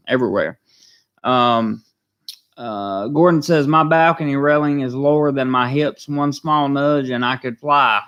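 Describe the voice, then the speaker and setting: A man with a Southern American drawl and a gravelly edge to his voice talks loosely to his live-stream viewers. He reads their comments aloud, wanders with plenty of ums and uhs, and thanks them over and over at a middling pitch. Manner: rambling, many fillers, warm thanks to viewers. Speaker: vlogger hosting a live stream. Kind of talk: casual live stream chat reading comments.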